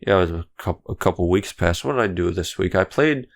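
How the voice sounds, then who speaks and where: A man's voice: low-pitched, lively intonation, brisk, creaky. A young man from Canada hosting a solo podcast, rambling through political commentary, swearing and stumbling over his words. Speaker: podcast host.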